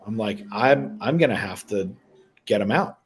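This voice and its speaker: A middle-aged man hosting a live stream, telling a story with lively acted-out dialogue. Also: on the low side, moderate pace, slight background noise. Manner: animated storyteller, acts out dialogue. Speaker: host.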